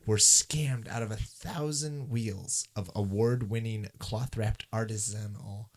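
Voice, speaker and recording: A man's voice: lowish voice, takes it slowly. A man co-hosting a casual podcast, reading news stories aloud with jokes and tripping over long words. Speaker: podcast co-host.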